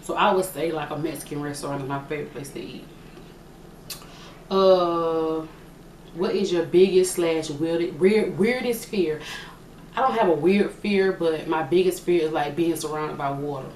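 Young woman, lowish voice, chatty and joking, casual q&a vlog, faint hiss, distant mic. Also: a little mellow, echoey room. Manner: chatty, joking, drawn-out thinking aloud. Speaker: vlogger answering questions.

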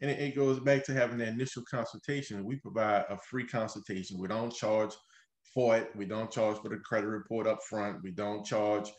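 Energetic man, roomy radio studio. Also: on the low side, a little fast. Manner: energetic, explains things step by step, keeps tagging lines with "right?". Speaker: mortgage lender and show host. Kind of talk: conversational radio show talk.

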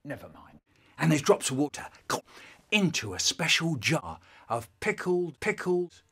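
A man telling a comic nonsense story, swinging between loud outbursts and quiet mutters. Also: sing-song, unhurried, husky. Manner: wildly swinging pitch and loudness, sudden shouts. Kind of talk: comic monologue, remixed.

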